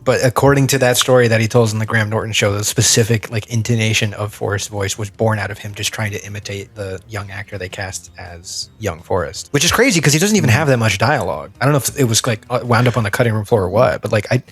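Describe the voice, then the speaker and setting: A low-voiced man hosts a casual film chat. He hesitates a lot, circling back and restarting his sentences. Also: fast, few pauses, slightly rough, faint music behind. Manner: hesitant, many fillers and restarts. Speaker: podcast co-host.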